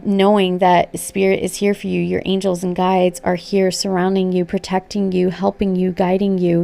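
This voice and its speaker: Gravelly-voiced woman reading tarot. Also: on the low side, darkish tone. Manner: gushing, affirming, talks straight to viewers. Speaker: tarot reader. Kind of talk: casual spoken tarot reading. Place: home room at a reading table.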